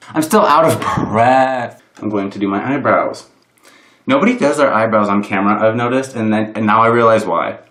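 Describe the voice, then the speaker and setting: A man's voice: fairly low pitch, fairly bright tone. Self-mocking young man, roomy echo. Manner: self-deprecating, rambling, full of "like". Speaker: vlogger. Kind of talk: casual makeup tutorial chat. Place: room at home. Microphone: camera propped on a box. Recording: roomy echo of a home room.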